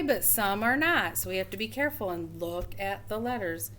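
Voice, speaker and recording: A woman teaching a first grade phonics lesson, slowly sounding out words for young children. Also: medium pitch, lively intonation, a bit bright, slight background noise.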